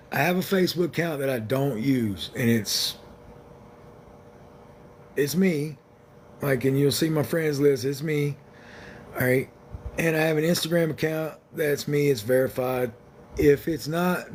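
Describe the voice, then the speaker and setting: A man's voice: on the high side, a little mellow, slight background noise. Blunt, rambling man streaming live. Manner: blunt, rambling, laid-back and joking. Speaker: livestream host. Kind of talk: casual livestream chat with viewers.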